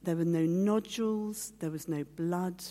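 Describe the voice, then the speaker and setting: Warm-voiced woman giving a heartfelt testimony. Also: on the low side, measured pace. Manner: storytelling, acting out quoted voices; heartfelt, at times teary. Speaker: guest speaker. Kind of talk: personal testimony talk. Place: meeting hall.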